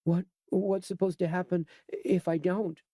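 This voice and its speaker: A man voicing a terrified young woman held captive, pleading in a small high voice. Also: little pitch movement, unhurried, warm tone, no echo, studio quality. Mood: defiant.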